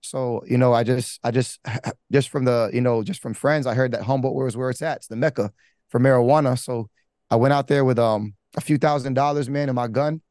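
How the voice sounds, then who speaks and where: A man's voice: mid-range voice, steady tone, brisk, darkish tone, no room sound. Man telling his testimony, dry sound. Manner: rambling, with many restarts and fillers; casual slangy delivery. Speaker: pastor giving his testimony. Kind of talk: candid personal testimony.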